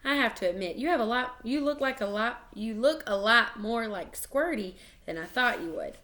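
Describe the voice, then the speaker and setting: A woman reading aloud gives voice to a patient, slightly exasperated storybook mother. Her tone is bright and calm, with a mild scolding edge when she needs one. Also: fairly high pitch, normal speed. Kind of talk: reading a children's book aloud.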